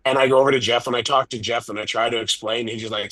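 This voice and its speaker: A middle-aged man, a wrestling promoter, telling candid stories in an interview, animated and self-deprecating. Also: medium pitch, fast talker, no room sound, rough recording.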